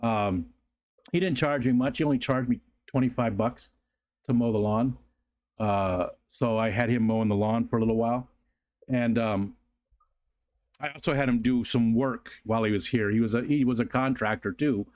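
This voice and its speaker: A man's voice: moderate pace, darkish tone. A man hosting a casual livestream from his home, rambling easily with plenty of fillers as he reads viewer comments. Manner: rambling, easygoing, many fillers; rises to a high sing-song baby voice when talking to his dog. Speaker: livestream host. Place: home room.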